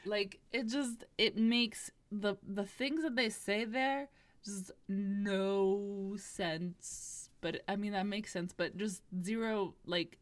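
A woman of middle pitch recounts a story in casual chat, wry and amused at her own tale. The recording is close and dry. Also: slow pace, no room sound.

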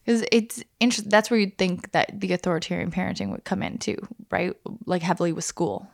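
A woman co-hosting a podcast in casual, animated chat, laughing often. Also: fairly low pitch, fairly quick, gravelly. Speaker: podcast co-host.

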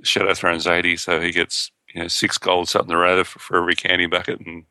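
Deep voiced guy cohost, keen and laughing a lot, dry mic. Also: completely flat delivery, pushed and bright, dry recording. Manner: enthusiastic, laughs often, quick asides. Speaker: podcast co-host. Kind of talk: casual chat.

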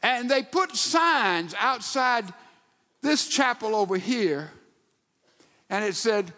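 A man preaching a sermon, telling stories and dropping from loud emphasis to a hushed near-whisper. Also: extremely high pitch, animated, slow pace, long pauses, in a large hall. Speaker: pastor.

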